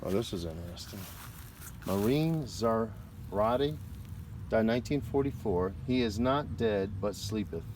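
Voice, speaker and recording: Brief: low-voiced man, loose rambling vlog narration outdoors, faint outdoor ambience behind. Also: lively intonation, darkish tone, slight background noise. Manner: rambling, halting over names. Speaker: cemetery tour vlogger. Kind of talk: casual walking commentary. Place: outdoor cemetery.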